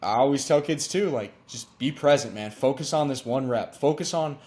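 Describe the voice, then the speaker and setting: A young man, a podcast guest, telling stories in casual slangy chat, excited and acting out quotes with jumps in his voice. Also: medium pitch, normal speed. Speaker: podcast guest, former quarterback.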